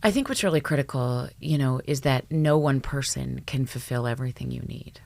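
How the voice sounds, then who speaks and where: A middle-aged woman psychologist, a guest on a podcast, who talks in an animated way, swears freely and acts out bits of dialogue. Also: a bass voice, a little fast, gravelly, no echo. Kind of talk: casual podcast conversation.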